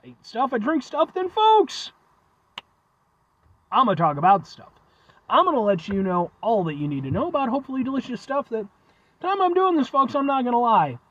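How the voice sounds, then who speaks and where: A congested man talks in a high, lively voice as he rambles through a casual food review vlog. He records from inside his truck, and the sound is a bit dull and lo-fi. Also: quick pace. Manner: rambling, chatty, animated.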